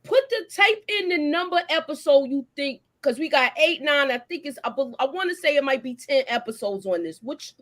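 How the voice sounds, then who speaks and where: A woman's voice: high voice, normal speed, hardly any pauses. Chatty woman hosting a live recap. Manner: animated, chatty, greets viewers, laughs often. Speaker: live stream host. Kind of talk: casual live recap chat.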